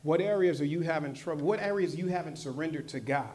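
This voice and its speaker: A man preaching with a slightly high voice, talking to his listeners in a loose, slangy way. He swings from loud, emphatic lines to soft, low asides, often repeating short phrases for emphasis. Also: quick pace. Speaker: pastor. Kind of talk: sermon.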